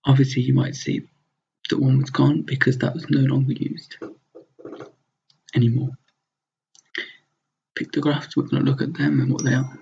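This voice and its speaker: Gravelly husky male language teacher. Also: mid-range voice, flat delivery, normal speed, pauses often, a little mellow. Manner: explains step by step, repeats words to model pronunciation. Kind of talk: recorded slide lesson. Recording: dull lo-fi sound.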